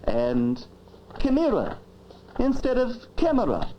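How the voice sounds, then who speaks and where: A woman's voice: mid-range voice, big pitch swings, unhurried, slight background noise. Woman voicing a pompous talking dictionary. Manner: fussy, grandiloquent, lecturing. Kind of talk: educational film acting. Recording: dull lo-fi old film sound.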